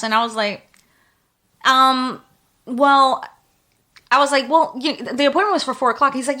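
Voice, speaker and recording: A woman co-hosting a podcast, telling a story in casual chat and acting out both sides of it with animated voices. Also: high-pitched, moderate pace, pauses often. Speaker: podcast co-host.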